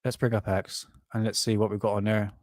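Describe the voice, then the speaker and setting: A man's voice: fairly low pitch, flat delivery, a little fast, darkish tone, no echo, studio quality. A man who hosts a paranormal livestream. He rambles casually, laughs often and swears freely.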